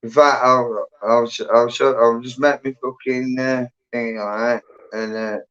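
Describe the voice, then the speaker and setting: A man's voice: medium pitch, level tone, measured pace, fairly bright tone, clear, resonant tone. An English man telling stories in rambling casual chat, swearing a lot and tacking "and that" onto his sentences. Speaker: livestream guest. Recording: dull lo-fi stream audio.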